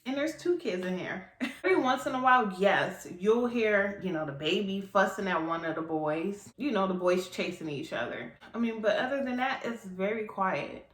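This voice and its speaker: A woman chats casually to her viewers at home, lively and quick to laugh, acting out other people's words. Her voice sits at a middle pitch for a woman. The room is roomy, with a clear echo around her. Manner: lively, laughs often, acts out what people say. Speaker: vlogger and mother of three. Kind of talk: casual chat to camera.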